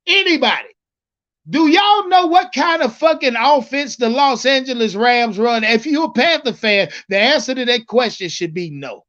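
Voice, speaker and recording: A man's voice: very high-pitched, lively intonation, normal speed, fairly bright tone, dull audio. A man casually chatting with his livestream viewers about football, profane and rambling, repeating himself and calling out the chat. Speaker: livestream sports commentator.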